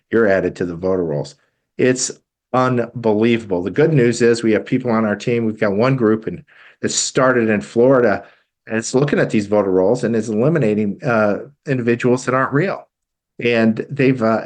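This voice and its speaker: A man hosts a talk show from a studio, talking straight through a political commentary monologue. His delivery is emphatic and indignant, often halting and restarting mid-phrase as he pushes his points. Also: lowish voice.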